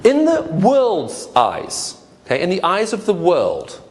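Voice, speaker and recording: A man's voice: high-pitched, huge pitch swings, slow pace, slight background noise. A man giving a humorous lecture to an audience, asking rhetorical questions. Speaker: lecturer on apologetics. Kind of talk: lively lecture to a live audience.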